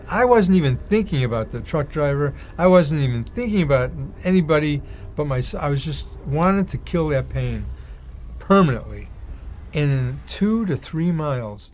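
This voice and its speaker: A man's voice: on the high side, darkish tone. Man telling a vivid personal story. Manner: vivid storytelling, acts out quoted dialogue. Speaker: testimony speaker. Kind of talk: personal testimony.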